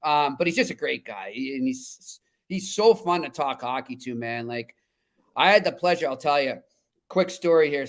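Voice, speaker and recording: A man's voice: a little high, fairly bright tone. A man hosting a hockey talk show, chatty and telling stories with easy laughs. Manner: chatty storyteller, laughs easily. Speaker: podcast host. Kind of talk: casual sports talk.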